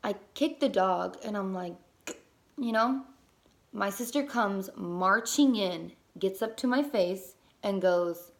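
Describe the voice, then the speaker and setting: A young woman with a mid-range voice talks slowly, casually recounting a personal story from her life as a mother. She's lively, using many fillers and swearing casually.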